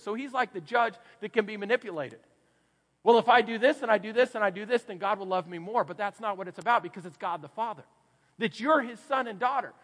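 Dynamic Texan preacher in a reverberant hall. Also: male voice, very high voice. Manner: dynamic preaching, swings from hushed to loud. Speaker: pastor. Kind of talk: sermon. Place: church sanctuary.

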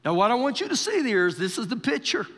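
A man's voice: very high-pitched, sing-song, quick pace, a bit bright, long reverb tail. A man preaching a live sermon in a church service, acting out scripture quotes in different voices. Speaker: pastor. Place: church sanctuary during a service.

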